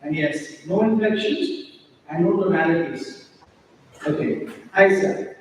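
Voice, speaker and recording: A man's voice: high voice, a little hiss or hum. A man performing a playful stage mentalist act, teasing and directing audience volunteers. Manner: playful, teasing, gives quick commands. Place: large indoor auditorium stage. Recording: echoey hall from far off.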